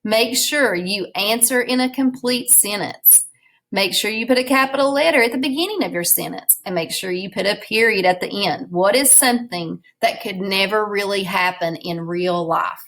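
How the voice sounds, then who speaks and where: A woman's voice: mid-range voice, moderate pace, a bit bright, low-quality recording. A woman teacher reading a storybook aloud in a recorded class lesson, patiently explaining words and prompting her students.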